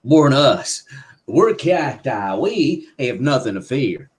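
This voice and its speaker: A man voicing a gruff, folksy male cactus bandit in a stage play, with ungrammatical speech. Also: mid-range voice, big pitch swings, slow. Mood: menacing.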